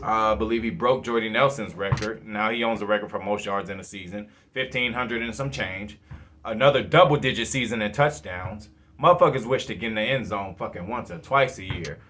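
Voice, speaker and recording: Bright-voiced, profane football fan. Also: male voice, fairly low pitch, brisk. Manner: profane, rambling, animated. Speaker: sports fan channel host. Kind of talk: casual fan commentary.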